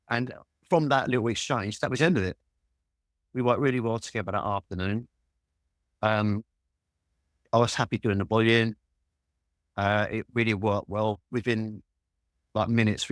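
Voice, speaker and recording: A London man in his sixties telling lively stories as a guest in an interview, swearing freely. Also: fairly low pitch, dry recording, studio quality. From Walthamstow, London.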